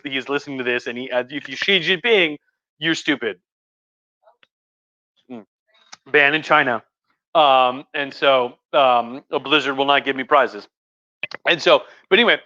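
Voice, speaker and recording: Drinking wine on a live stream, a male history lecturer gives a tipsy, rambling talk full of swearing and mocking put-on voices. His voice is a little high, bright and forceful. The recording is dry and lo-fi.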